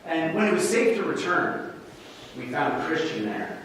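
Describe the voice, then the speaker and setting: Animated Canadian man telling a story on stage. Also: a little high, unhurried. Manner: animated, playful, audience-engaging. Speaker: speech contestant. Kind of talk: storytelling speech to an audience. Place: large hall with live audience. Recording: echoey hall, distant mic, audience noise.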